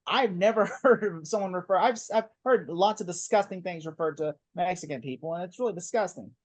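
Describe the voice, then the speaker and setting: Laughing, animated man co-hosting a podcast. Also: high-pitched, a little fast, no echo. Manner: animated, laughing, swears freely. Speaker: podcast co-host. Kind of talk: casual chat.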